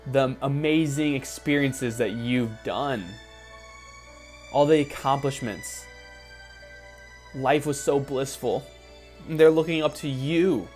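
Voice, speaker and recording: A man leading a guided visualization as a motivational speaker, emphatic and repetitive, rising to excited peaks. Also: medium pitch. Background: faint background music.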